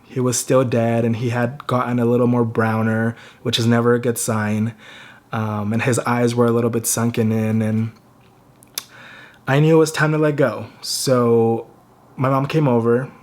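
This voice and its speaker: Young man, personal vlog, grief-stricken, stuttering and halting, close to tears, mid-range voice. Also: mid-range voice, flat delivery, darkish tone. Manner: grieving, halting, with a stutter and repeated words. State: fighting back tears. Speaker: vlogger.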